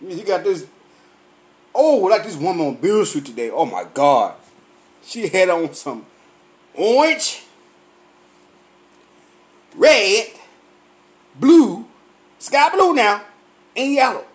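A man, tipsy from drinking, telling loud, profane comic stories and laughing at his own punchlines. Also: high-pitched, big pitch swings. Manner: loud, laughing, heavy cursing, drawn-out punchlines. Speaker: comedian vlogger. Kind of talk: profane comic storytelling rant.

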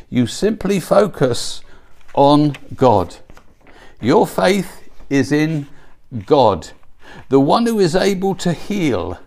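A man's voice: fairly high pitch, vocal fry, a little mellow. A man preaching a sermon, emphatic and exhorting, driving home his points through repetition. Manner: emphatic, exhorting with repeated phrases.

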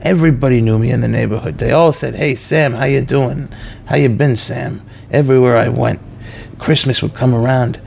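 A man's voice: mid-range voice, steady tone, normal speed, vocal fry, a little mellow, slight background noise. A man voicing a forgetful, nostalgic man in his nineties who rambles through the same old stories. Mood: fond reminiscing.

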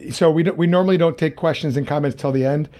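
Man, interview host, somewhat high voice, halting, lots of fillers, video call. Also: dark tone. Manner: halting, many fillers and restarts. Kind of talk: casual interview conversation.

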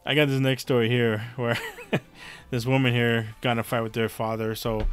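A man co-hosting a casual podcast, reading odd news stories haltingly and laughing at them. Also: medium pitch, flat delivery, clear, resonant tone, faint music behind. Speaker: podcast co-host.

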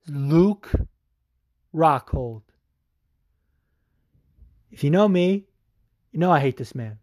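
A young adult man hosting a show, ranting with a profane, salty and animated delivery and frequent fillers. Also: on the high side, takes it slowly, pauses often, no echo, clean studio sound. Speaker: show host. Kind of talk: profane opinion rant.

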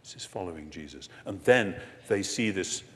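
An older man giving a sermon-style lecture to an audience, expressive, slowing down for emphasis and moving between soft and loud. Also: low voice. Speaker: preacher. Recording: long hall reverb.

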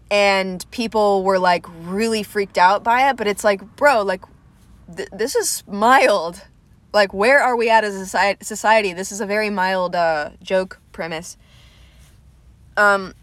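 A young woman from Atlanta talks into a close mic in a dry, deadened room. She rambles loosely through a solo comedy podcast, swears casually, and often undercuts herself. Her voice sits at a middling pitch for a woman. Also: a bit bright, no echo. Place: small room at home, lights went out.

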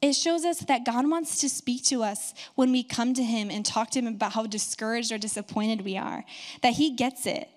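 A woman's voice: on the high side, moderate pace, darkish tone. A woman pastor preaching a sermon, telling a story and building to fervent, emphatic proclamation.

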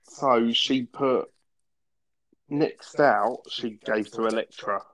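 A man's voice: mid-range voice, takes it slowly, fairly bright tone, poor audio. A man co-hosting a casual podcast, chatty and teasing as he recaps a TV episode, recorded on a phone at home. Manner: chatty, teasing, laughs often. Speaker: podcast co-host. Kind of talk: casual chat recapping a TV show.

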